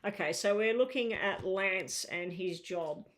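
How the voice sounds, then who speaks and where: A woman hosting a live tarot reading stream, talking in a chatty, reassuring way as she lays out cards. Her pitch sits in an ordinary middle range and she thinks aloud between readings. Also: a little slow, fairly bright tone. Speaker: tarot reader.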